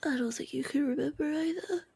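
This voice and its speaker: A woman speaking in a husky, gravelly whisper during a whispered role-play, drowsy and low-key. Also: brisk, warm tone, no echo.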